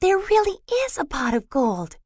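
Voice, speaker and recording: An eager, bold young girl, excited and often hushed, with a raised, lively voice, as a woman puts her on. She sounds close and dry, like a storybook reading. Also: high voice, normal speed, dry recording, pitched above the performer's own voice.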